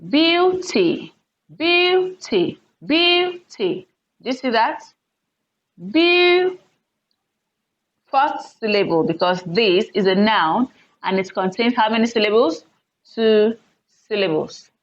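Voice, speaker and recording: A woman teaches word stress in an online English class, explaining the rules patiently and saying sample words loudly at a higher pitch. She talks at a normal speed, and the audio sounds dull.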